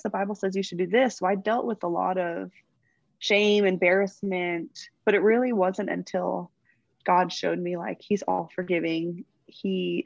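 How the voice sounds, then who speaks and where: A young woman athlete being interviewed, chatting warmly and gushing, getting emotional as she talks about her faith. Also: on the low side, gravelly, dry recording, dull audio. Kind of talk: casual interview.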